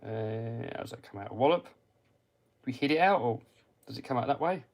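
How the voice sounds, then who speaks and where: An English man with a medium-pitched, creaky voice hosts a casual radio-control car livestream, speaking briskly with lively intonation. He reads out viewer comments and answers them, muttering to himself as he cleans parts. Background noise can be heard.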